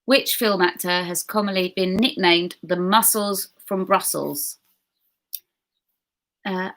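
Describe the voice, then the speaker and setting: A woman hosting an online pub quiz, reading questions slowly and chatting and giggling with viewers in between. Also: fairly low pitch, fairly bright tone. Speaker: quiz host.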